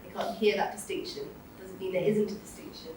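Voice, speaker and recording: A woman's voice: mid-range voice, steady tone, brisk, a little mellow, recorded from a distance. British woman teaching Sanskrit sounds in an echoey room. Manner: demonstrates sounds for the group to repeat. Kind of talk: leading a group pronunciation class.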